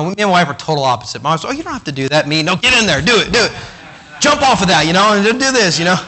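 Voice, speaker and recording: A man's voice: on the high side, bright, forceful tone. A man preaching a sermon in a conversational way, acting out the voices of the people in his stories. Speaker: pastor.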